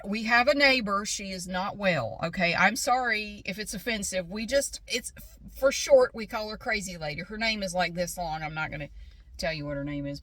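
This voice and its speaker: A woman's voice: medium pitch, a bit bright, no echo. A middle-aged woman talks from her parked car in a loose, rambling vlog voice. She wanders off topic, pokes fun at herself and keeps the story moving. Faint car sounds sit behind her. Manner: rambling, chatty, self-deprecating storytelling. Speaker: vlogger. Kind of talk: casual chat vlog.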